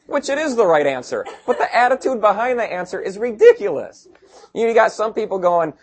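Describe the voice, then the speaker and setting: Middle-aged male pastor, husky voice, lively swinging delivery, jokey and conversational, acts out quick asides. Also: high-pitched. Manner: conversational, joking, mimics people in quick asides. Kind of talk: sermon.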